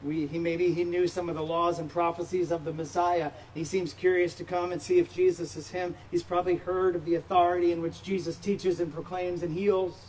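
A man delivers a sermon in a fairly high voice, leaning into points with emphatic rhetorical questions. He sounds a little distant from the microphone, with a faint hum of noise in the background. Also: flat delivery, brisk, few pauses, darkish tone. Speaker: pastor. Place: church sanctuary.

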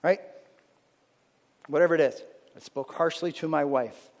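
A man's voice: a little high, a little slow, darkish tone, long reverb tail. A married man with children, preaching a sermon in a conversational way and often checking in with "right?". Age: adult, married with children. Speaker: pastor.

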